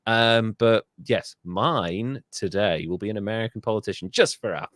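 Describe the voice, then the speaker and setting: A man's voice: on the low side, normal speed, a bit bright, dry recording, clean studio sound. A man from England, co-hosting a podcast in casual, jokey chat and swearing freely. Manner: swears freely, jokey, mimics people in silly voices. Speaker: podcast co-host.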